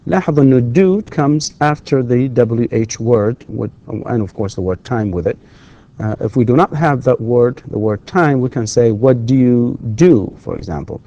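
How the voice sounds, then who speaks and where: A male university lecturer, a native Arabic speaker, teaching English pronunciation slowly and deliberately, repeating words and pausing with fillers as he explains. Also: medium pitch, lively intonation, mellow, dull audio. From Saudi Arabia. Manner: hesitant, with frequent fillers and restarts when explaining. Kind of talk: recorded lecture.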